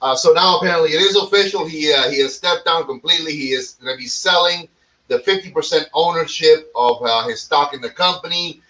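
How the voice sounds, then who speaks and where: A man's voice: on the high side, a little fast, sharp tone, recorded from a distance, poor audio. A man hosting a casual talk show, speaking bluntly and swearing, often repeating words as he starts a point. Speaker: cigar podcast host. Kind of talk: casual opinion chat.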